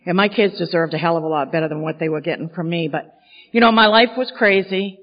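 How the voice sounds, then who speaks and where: A woman's voice: on the low side, quick pace. A woman from Maine candidly telling a self-mocking personal story at a podium in a large hall. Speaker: speaker sharing recovery story. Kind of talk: storytelling talk at a recovery gathering. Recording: dull sound in a big hall with long echo.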